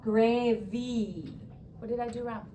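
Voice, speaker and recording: A young woman teaching a classroom spelling lesson, upbeat, stretching words and throwing in quick asides. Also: a little high, steady tone, mellow, a little hiss or hum.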